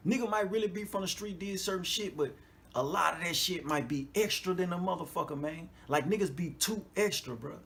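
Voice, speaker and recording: A fairly high-voiced man riffs through a loose podcast monologue, swearing freely and laughing between points. He keeps asking whether the listener is following him and often jumps up in pitch when he gets worked up. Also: a little fast. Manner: animated, profane, laughs often, frequent "you know what I'm talking about". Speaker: podcast host. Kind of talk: casual monologue.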